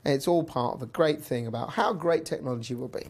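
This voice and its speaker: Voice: medium pitch, fast, darkish tone. A presenter telling a personal story in a chatty, wry way while hosting a news show. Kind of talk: casual news commentary.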